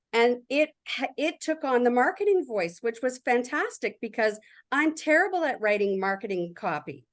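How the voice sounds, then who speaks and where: Chatty woman presenting a workshop. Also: a little high. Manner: chatty and enthusiastic, reads prompts aloud. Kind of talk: casual workshop walkthrough.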